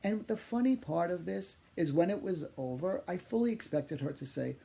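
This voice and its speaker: Gravelly man telling funny stories. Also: sits high, moderate pace. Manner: animated, exaggerating storyteller. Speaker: psychic medium. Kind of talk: humorous personal storytelling.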